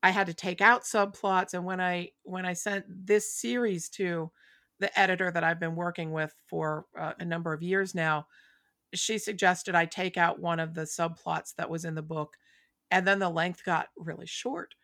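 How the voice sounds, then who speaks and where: A woman author speaking as an interview guest, explaining her writing in a thoughtful, steady way. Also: lowish voice, normal speed, no echo, studio quality. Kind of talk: casual interview chat.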